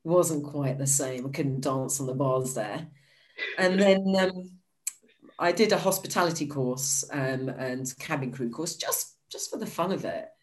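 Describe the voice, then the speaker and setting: A woman, a podcast guest, telling her life story in a lively, chatty way. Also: unhurried, poor audio. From United Kingdom. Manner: lively storyteller, acts out quotes with high bright exclamations. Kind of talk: casual storytelling interview.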